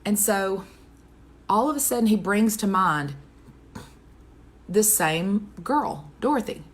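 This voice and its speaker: A woman's voice: mid-range voice, animated, slow. A woman speaking as a devotional speaker, telling a personal testimony in an earnest, conversational way and closing with a prayer. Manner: earnest, conversational storytelling with wide swings in pace.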